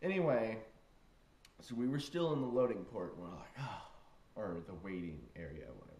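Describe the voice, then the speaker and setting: A man's voice: on the low side, brisk, a little mellow. A young man casually telling a rambling story, full of fillers, acting out the voices in it. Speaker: vlogger. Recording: roomy echo.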